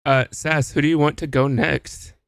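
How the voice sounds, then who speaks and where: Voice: medium pitch, flat delivery, moderate pace, vocal fry, noisy background. A host running a live game show, dry and teasing while calling the turns.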